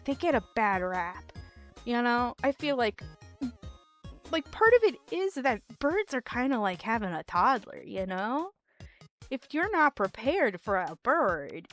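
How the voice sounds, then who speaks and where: A woman streamer chatting casually with her live chat, rambling and giggling often with lots of "like". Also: fairly high pitch.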